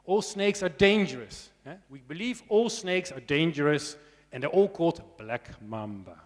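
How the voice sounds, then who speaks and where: Animated and on the high side, the man talks at normal speed through his snake lecture for students at a conference. He keeps it conversational and drily funny, checking in with listeners through tag questions and asides, amid long hall reverb.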